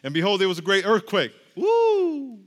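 A man's voice: high voice, animated, normal speed, a bit bright, long reverb tail. A male pastor giving a casual, joking sermon, drawing the congregation into call-and-response.

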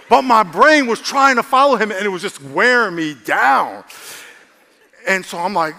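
A man preaching a sermon as a pastor, animated and calling for amens, his voice rising to excited shouts. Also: high voice, fairly quick. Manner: calls for amens from the congregation. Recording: long hall reverb.

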